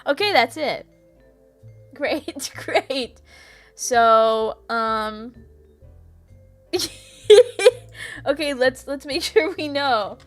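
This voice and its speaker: A giggly woman streamer with a high, bright voice chats with her viewers, laughing through her own silly ideas. She talks at an unhurried pace, with faint music playing behind her. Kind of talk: casual chat with viewers.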